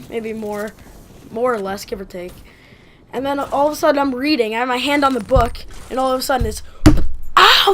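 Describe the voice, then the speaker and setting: A woman vlogger telling a casual story, rambling and animated with many fillers. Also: a little high, slight background noise.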